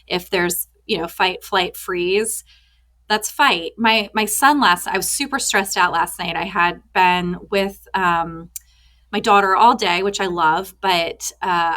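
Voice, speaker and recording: A woman therapist in her thirties, a podcast guest, who tells animated stories and acts out the quotes in them. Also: on the low side. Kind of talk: podcast interview.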